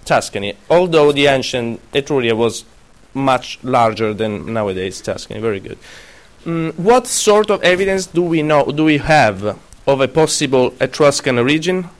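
A man's voice: medium pitch, lively intonation, normal speed. A man lecturing a class, often stopping to question students and correct himself.

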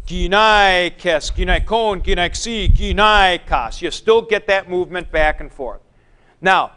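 A man's voice: high-pitched, fairly bright tone, clean tone. A man teaching a Greek grammar class, explaining patiently, repeating his points and reciting word forms. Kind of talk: classroom lecture.

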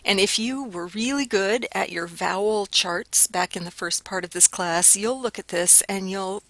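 A woman's voice: mid-range voice, a little slow, hardly any pauses, sharp tone, no echo. A woman instructor giving a casual, explanatory recorded linguistics lecture, with fillers and restarts.

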